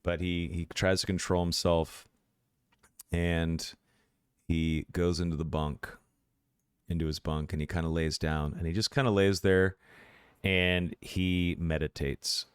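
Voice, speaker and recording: A man playing a tabletop game, narrating his character's actions in a measured, descriptive way. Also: low-pitched, level tone, smooth, dry recording, clean studio sound. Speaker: player.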